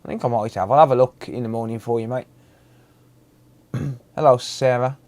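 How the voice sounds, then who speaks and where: A man's voice: medium pitch, normal speed, darkish tone. A man hosting a casual live stream, greeting viewers by name and chatting loosely.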